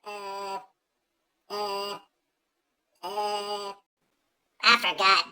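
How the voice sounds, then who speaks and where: A man voicing an eager, forgetful little sidekick who insists over and over on speaking in a high, squeaky voice. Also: completely flat delivery, extremely slow, pushed and bright, heavily acted. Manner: insistent, repeating itself.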